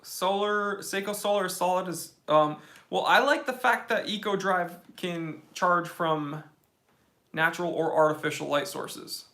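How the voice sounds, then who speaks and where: A young man hosts a casual live Q&A straight into his phone, fielding chat questions one after another. His voice sits a touch high with a gravelly edge and a bright, forward tone. He is blunt and opinionated, tossing in casual slang as he goes. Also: a little slow. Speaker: watch channel host.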